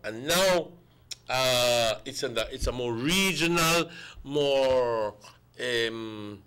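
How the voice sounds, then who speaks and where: A man's voice: medium pitch, expressive, slow, fairly bright tone, clear, resonant tone. A man, a guest on a morning talk show, arguing emphatically and repeating words for stress. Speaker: guest commentator.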